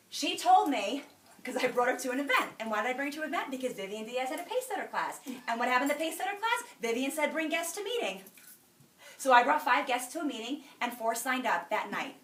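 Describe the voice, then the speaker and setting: A woman's voice: high voice, brisk. A woman giving a motivational talk to a meeting, telling stories and acting out the dialogue. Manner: animated storyteller, acting out dialogue. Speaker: sales director speaking at a meeting. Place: meeting room. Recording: echoey room, from a distance, faint noise.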